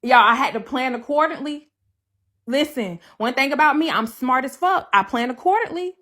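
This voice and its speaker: A woman's voice: high-pitched, lively intonation, moderate pace, sharp tone. A woman talking casually on a livestream, blunt and profane, hammering her points home by repeating them. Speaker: livestreamer telling her side of a breakup.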